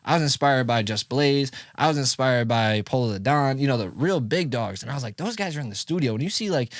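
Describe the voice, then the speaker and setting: Fast-talking man telling animated stories. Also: dry recording, studio quality. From Syracuse, New York. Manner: animated storyteller, acts out quoted dialogue with big pitch jumps. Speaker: music producer and engineer, guest. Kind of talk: casual storytelling in a podcast interview.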